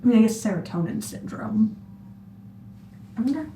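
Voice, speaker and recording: Woman reaction host, dark low-ish voice, rambling asides, distant mic in an echoey room with faint hum. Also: animated, normal speed. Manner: musing, rambling, trailing off with fillers. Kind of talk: casual reaction commentary.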